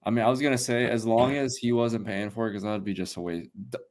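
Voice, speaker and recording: Deep-voiced man in casual sports chat. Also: fairly even intonation, fast talker, darkish tone. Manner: rambling, laughs often, swears casually. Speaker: podcast co-host.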